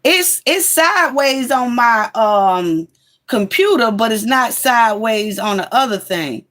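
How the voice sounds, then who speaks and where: Woman host, slow and easygoing, greets her viewers by name. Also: fairly high pitch, lively intonation, fairly bright tone. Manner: chatty, greets viewers by name, fiddles with phone setup. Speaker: livestream host. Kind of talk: casual livestream chat. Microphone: phone.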